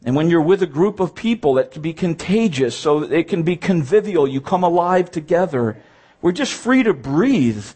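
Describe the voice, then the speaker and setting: Man, preacher, sermon, emphatic, slightly raised pitch, repeats words for stress. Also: sing-song, normal speed, darkish tone, breathy edge.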